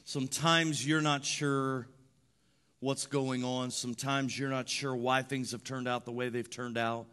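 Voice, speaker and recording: A man preaching a sermon as pastor, using rhythmic repeated phrases and building from quiet reflection to loud emphatic preaching. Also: mid-range voice, little pitch movement, a little slow, clean tone.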